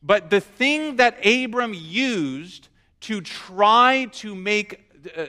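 A man's voice: high voice, extremely slow, smooth. A man preaching a sermon, telling the story with humor and acting out the quotes. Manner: animated storyteller, acts out quotes. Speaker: pastor.

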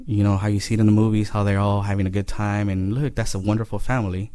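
A man with a fairly low voice shares a personal testimony, earnest and unhurried. He talks haltingly, leaning on pauses and fillers as he gathers his thoughts. The recording is dry and close, with no room sound. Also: little pitch movement, warm tone, no echo. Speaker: storyteller sharing his life story.

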